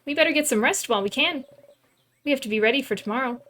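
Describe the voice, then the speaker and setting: A woman's voice: sits high, fast talker, voice pushed up. Mirabelle, a cheerful young woman read by a woman. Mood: affectionate. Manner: gentle, encouraging wake-up calls.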